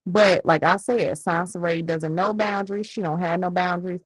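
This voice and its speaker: A woman's voice: on the low side, fairly even intonation, normal speed, slightly rough, no room sound, poor audio. A woman co-hosting a reaction show, talking bluntly and mockingly with lots of swearing. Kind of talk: casual reaction commentary.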